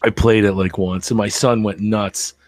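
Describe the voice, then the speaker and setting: A man's voice: lowish voice, fairly even intonation, moderate pace, heavy background noise. A man co-hosting a podcast, telling a rambling story in casual chat and quoting people as he goes. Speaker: podcast co-host.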